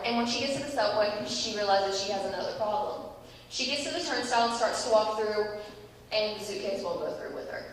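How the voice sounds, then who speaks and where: A young woman giving a church talk, telling a lively story and acting out its people. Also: on the high side. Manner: lively storytelling, acts out voices. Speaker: youth speaker. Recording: echoey hall, distant mic, faint hiss.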